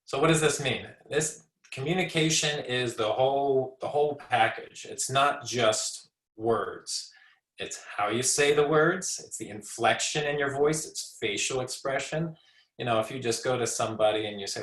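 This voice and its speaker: In a roughly recorded, echoey room, a man from the United States speaks at normal speed with a medium-pitched, fairly bright voice. He's a speech pathologist in his forties giving a casual teaching talk, frequently restarting and repeating words and acting out brief examples.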